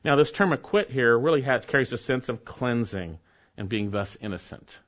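A man's voice: expressive, normal speed. Preacher, male, earnest and emphatic; muffled lo-fi recording. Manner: earnest, emphatic, drops to soft low phrase endings. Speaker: pastor. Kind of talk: expository sermon. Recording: dull lo-fi recording.

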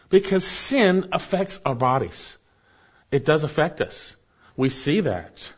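Male pastor, sermon, mid-pitched voice, dynamic preaching, slightly dull recording. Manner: dynamic preaching, rising for emphasis then dropping soft.

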